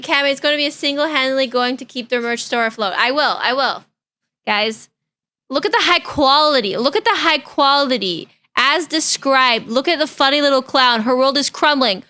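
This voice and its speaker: A woman's voice: high voice, normal speed, sharp tone. A young woman streaming live, chatting casually in a bubbly, giggly, easily distracted way.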